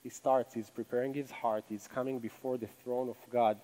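A man's voice: medium pitch, little pitch movement, normal speed, dark tone, poor audio. A man with a non-native English accent preaching a sermon from a church stage, earnest and conversational, with many rhetorical questions. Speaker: pastor.

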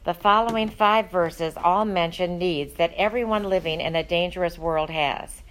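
A woman's voice: fairly low pitch, normal speed, low-quality recording. A woman teaching a Bible study, talking in an earnest, conversational way with frequent ums and uhs.

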